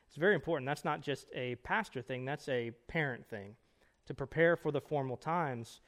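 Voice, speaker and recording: A man's voice: medium pitch, fairly bright tone. Conversational man preaching at a conference. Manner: conversational, emphatic, quick asides and rhetorical "right?". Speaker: pastor. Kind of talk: conference breakout teaching. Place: conference room.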